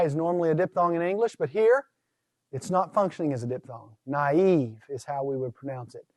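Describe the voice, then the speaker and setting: A man with a high voice lectures in a patient, teacherly way, putting questions to his students and then answering them himself. The sound is dry and close, with no room echo. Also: a little mellow. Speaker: Greek instructor. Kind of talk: recorded course lecture.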